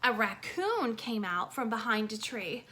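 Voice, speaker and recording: Slow, animated woman reading a storybook. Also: a little high, a little hiss or hum. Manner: animated, chatty asides to young listeners. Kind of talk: children's storybook read-aloud.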